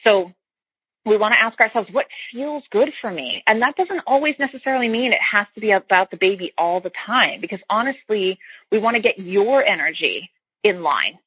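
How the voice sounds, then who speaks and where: A woman with a husky, slightly breathy voice talks earnestly as a guest coach. She explains her points with homely comparisons and often restarts her sentences. The sound is dry and a little dull and lo-fi. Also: medium pitch, animated, moderate pace, dry recording. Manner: earnest, explains with everyday analogies, frequent restarts. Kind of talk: casual interview chat.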